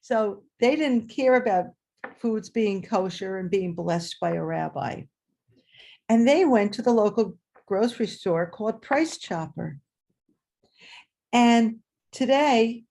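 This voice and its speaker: A woman telling a personal story live, animated and acting out voices and sounds. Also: medium pitch, measured pace, creaky.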